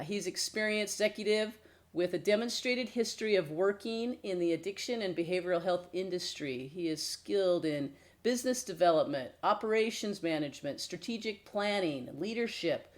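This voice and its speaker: Chatty older woman co-hosting a podcast. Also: mid-range voice. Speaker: mental health counselor and podcast co-host. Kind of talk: casual podcast chat.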